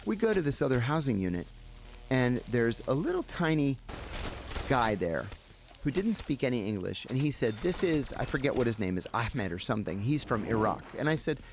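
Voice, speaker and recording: A man with a creaky, gravelly voice tells a story as an interview guest. His pitch rises and falls widely. He acts out the people in his story as he goes, with a faint hiss of noise behind him. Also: moderate pace. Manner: animated, acts out the people he quotes.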